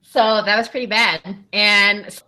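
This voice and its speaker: A woman's voice: medium pitch, little pitch movement, measured pace, bright, forceful tone, soft background music. A woman co-hosting a podcast in casual chat, playful and laughing often. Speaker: podcast co-host.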